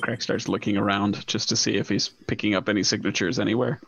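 A man playing in a tabletop game who explains himself in halting restarts. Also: lowish voice, level tone, vocal fry, background noise. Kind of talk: casual in-character play. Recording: dull lo-fi sound.

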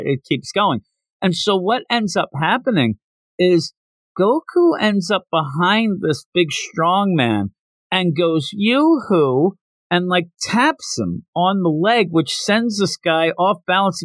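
A man talks through a manga chapter in a casual podcast recap, his voice swinging widely up and down. He throws in quick voices for the characters as he goes. The sound is close and dry. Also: a little high, dry recording. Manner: animated, acts out characters' lines in quick voices. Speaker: podcast host.

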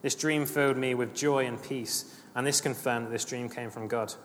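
A man's voice: medium pitch, steady tone, normal speed, a bit bright. A man preaching a sermon, earnest and emphatic, often repeating his phrases. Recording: long hall reverb, faint ambient noise.

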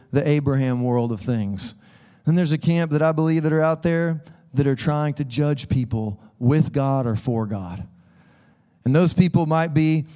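A man preaching a sermon as a pastor, conversational and animated, acting out voices as he tells stories. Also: on the high side, clear, resonant tone. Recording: long hall reverb.

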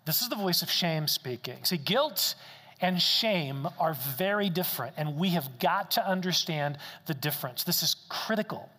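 A male pastor delivers his sermon with a bright, slightly high voice, hammering his points home by repeating them. His words ring out with a long hall reverb trailing behind. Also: lively intonation, normal speed. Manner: emphatic, repeats key phrases for stress.

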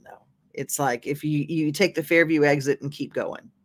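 A woman's voice: deep voice, fairly even intonation, moderate pace. A woman hosting a local talk show, chatting enthusiastically about events and sending hellos. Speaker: host. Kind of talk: casual chat.

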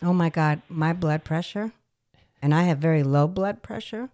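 A woman's voice: deep voice, moderate pace, a little mellow. A middle-aged woman podcast host, a nurse, ranting in a casual chat with exaggerated indignation and the odd swear word.

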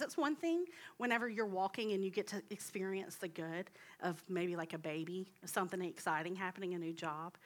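A young woman giving a heartfelt sermon in a church, earnest and personal, sometimes dropping into soft hushed asides. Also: mid-range voice. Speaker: guest speaker at church. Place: church sanctuary.

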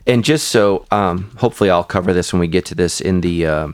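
A man's voice: low-pitched, a little fast, no echo, clean studio sound. A man, a pastor hosting a podcast, talking with enthusiasm and explaining scripture to his guest in casual conversation. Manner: enthusiastic, affirming, teaching aside.

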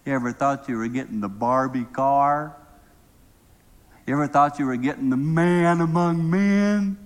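A middle-aged man preaching a sermon, telling a humorous story in a lively way and then praying softly. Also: unhurried. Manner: lively, humorous storyteller who drops to a soft, low tone to pray. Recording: long reverb of a large hall.

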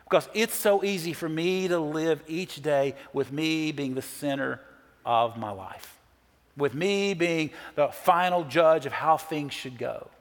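A man's voice: on the high side, measured pace, big-room sound. A middle-aged man preaching a sermon as a pastor, telling stories in an earnest way and quoting others. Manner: earnest storytelling with quoted voices.

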